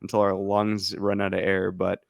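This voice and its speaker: A man with a low, gravelly voice, co-hosting a podcast in relaxed chat. He explains his points in a measured way, with plenty of fillers. The recording is dry and close. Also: dry recording. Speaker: podcast co-host. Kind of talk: casual sports podcast chat.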